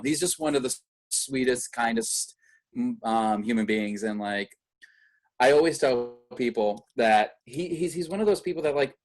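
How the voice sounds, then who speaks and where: A man being interviewed about his film, chatting casually and rambling with many restarts and fillers. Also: mid-range voice. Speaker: filmmaker guest.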